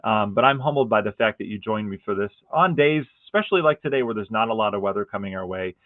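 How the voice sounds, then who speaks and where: A man's voice: fairly low pitch, fast, dry recording. A middle-aged man, a meteorologist, chatting casually and earnestly with viewers on a livestream, rambling with many fillers and restarts. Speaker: meteorologist hosting a weather livestream. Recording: tinny phone-like audio.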